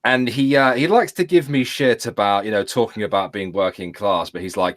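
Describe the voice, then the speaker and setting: A man with an English accent hosting a casual streamed chat show, telling stories with lively swearing. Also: lowish voice, normal speed, few pauses. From England. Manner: swearing, animated storytelling. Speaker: streamer host.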